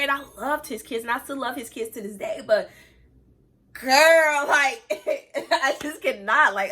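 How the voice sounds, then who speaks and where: A woman's voice: fairly high pitch, a bit bright. A young woman telling a personal story time on her vlog, candid and chatty, talking straight to her viewers and close to tears at times. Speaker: vlogger.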